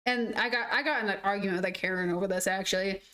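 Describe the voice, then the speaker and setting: A woman's voice: medium pitch, fast talker. A young adult woman streaming a game, telling rambling stories in casual chat with lots of "like". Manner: rambling, animated storytelling full of "like". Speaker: gaming streamer. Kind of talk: casual chat while gaming.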